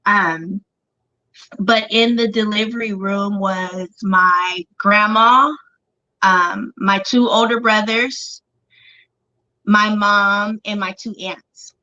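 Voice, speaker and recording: A woman's voice: medium pitch, steady tone, slow, pushed and bright, dry recording. A woman guest candidly telling her life story in an interview, speaking with lots of "like" and "um". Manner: candid, filler-heavy speech with frequent "like" and "um". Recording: dull lo-fi dry recording.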